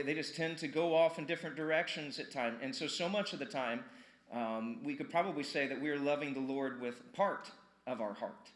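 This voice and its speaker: A male pastor delivering a sermon in a casual, energetic style, asking the congregation questions and repeating words for emphasis. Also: a little high, reverberant. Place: church sanctuary.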